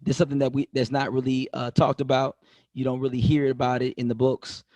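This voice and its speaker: A man's voice: medium pitch, little pitch movement, fairly quick, a little mellow, no echo. A man hosting an interview show, talking in long emphatic runs with many restarts. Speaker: show host. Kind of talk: conversational interview.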